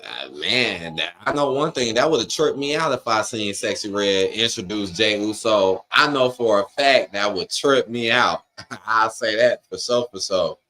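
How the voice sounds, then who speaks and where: A man's voice: lowish voice, lively intonation, unhurried, pushed and bright. A man hosting a live watch-along stream, chatting casually and reading out viewer comments. He talks in blunt, slangy, opinionated bursts, straight to his chat.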